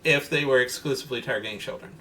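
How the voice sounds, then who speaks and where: A man with a bright, forceful voice co-hosts a casual podcast and picks apart details with plenty of ums and uhs. A faint hum of room noise sits behind him. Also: medium pitch, fast talker. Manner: analytical, nitpicky, many uhs and ums. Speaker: podcast co-host. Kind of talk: casual comic-book discussion.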